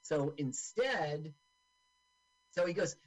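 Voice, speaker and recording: A man with a fairly high voice and a very animated, swooping delivery, narrating the on-screen action of a movie in a casual talk. He throws sarcastic asides into his recap. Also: slow pace, poor audio. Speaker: podcast co-host.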